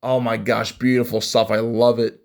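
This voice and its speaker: A young man giving casual fight reaction commentary, excitable and rambling, with many restarts. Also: mid-range voice, normal speed, gravelly. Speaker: MMA fan reviewing fights.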